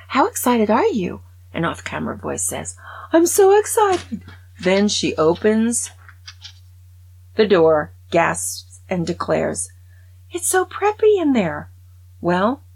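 An older woman hosting a talk show, giving wry, indignant opinions and dropping into breathy whispered asides. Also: low voice, rough recording. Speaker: podcast host. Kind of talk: opinionated casual monologue.

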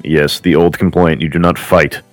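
A man reading as a deep-voiced, boastful warrior prince who speaks in lofty, formal phrases and then drops in crude insults. He sounds close to a plain reading voice, with faint music underneath. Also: level tone, normal speed, no echo. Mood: scolding. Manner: grandly formal speech broken by crude swearing.

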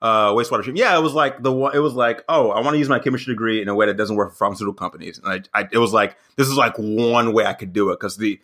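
A man's voice: lowish voice, rapid-fire, few pauses. A man in his thirties, a stand-up comic guest on a podcast, telling stories in casual chat with many fillers and restarts. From American South. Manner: animated storytelling, frequent fillers and restarts.

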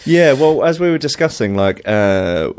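A man's voice: mid-range voice, sing-song, measured pace, a little mellow, clean tone. A young man telling rambling anecdotes in casual chat, with plenty of fillers and laughter.

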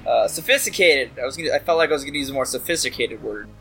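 A man's voice: medium pitch, lively intonation, racing, gravelly, a bit bright, soft background music, poor audio. A man in a casual podcast chat over an online voice call, laid-back, laughing often and trailing off when he can't find words.

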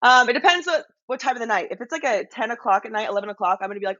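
A woman's voice: on the high side, expressive, very fast, fairly bright tone, dull audio. A young woman guest chatting on a podcast, bubbly and laughing often, acting out what she would say. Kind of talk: casual interview chat.

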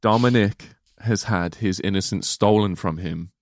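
A man's voice: fairly low pitch, moderate pace, no room sound, clean studio sound. A young man co-hosting a casual film podcast, swearing a lot and laughing often. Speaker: podcast co-host. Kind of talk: casual film-discussion chat.

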